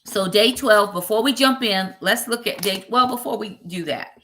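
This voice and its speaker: Woman, Southern US accent, bright tone, casual ministry livestream host, chatty. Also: mid-range voice, moderate pace, a little hiss or hum. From Brooklyn, New York. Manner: chatty, greets viewers by name, lively asides. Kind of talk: casual livestream chat with viewers.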